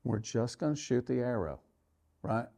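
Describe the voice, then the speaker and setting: Male archery coach, mid-range voice, animated storyteller who acts out his inner voice. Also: mid-range voice, normal speed, creaky. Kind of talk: tournament story and coaching talk.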